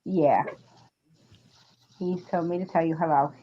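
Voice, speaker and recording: A woman chatting casually on a live stream, an animated storyteller who laughs often. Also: sits low, a little slow, a little hiss or hum. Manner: animated storyteller, laughs often, acts out children's voices in quotes. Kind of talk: casual chat. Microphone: live-stream call microphone. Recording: dull lo-fi stream audio.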